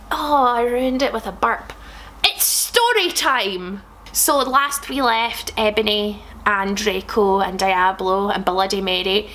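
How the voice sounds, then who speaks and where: A young woman comedian reading bad fan fiction aloud, animated and sarcastic, swearing freely. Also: a little high. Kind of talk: comic read-aloud.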